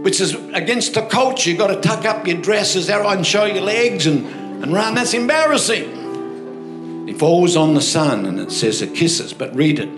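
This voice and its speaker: A man's voice: high voice, moderate pace. An older man with an Australian accent, a pastor telling stories in a sermon and calling for amens. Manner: storytelling, animated, asks crowd for amens. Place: church hall. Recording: echoey hall with music behind.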